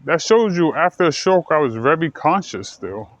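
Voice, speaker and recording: A man telling a personal story in a halting way, with many fillers, restarts and repeated words. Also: on the high side, very animated, no room sound. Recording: dull, dry lo-fi sound.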